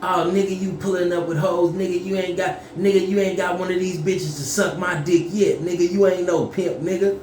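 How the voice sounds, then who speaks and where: A man's voice: high-pitched, steady tone, brisk, few pauses, a little mellow, reverberant, slight background noise, pitched above the performer's own voice, lightly acted. A man voicing a brash, crude adult man who taunts and mocks. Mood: taunting. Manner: taunting, profane.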